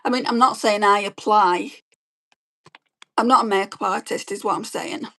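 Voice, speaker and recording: A woman, chatting quickly and rambling as she does her makeup and reads viewer comments on a beauty livestream. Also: mid-range voice, vocal fry, pushed and bright. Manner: fast-talking, chatty, rambling. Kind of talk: casual chat while doing makeup and reading live comments.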